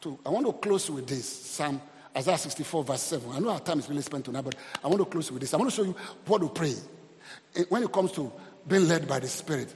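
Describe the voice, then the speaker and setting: A man's voice: on the high side, lively intonation, quick pace, a little mellow, a little hiss or hum. A man preaching a sermon as pastor, calling out praise and exclamations to the congregation. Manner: preaching with call-and-response exclamations. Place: church hall. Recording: long hall reverb.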